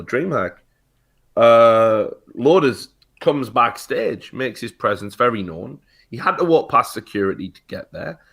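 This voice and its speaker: A man's voice: fairly low pitch, a bit bright. A British man telling a heated story on a talk show, swearing often and restarting his sentences. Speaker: guest.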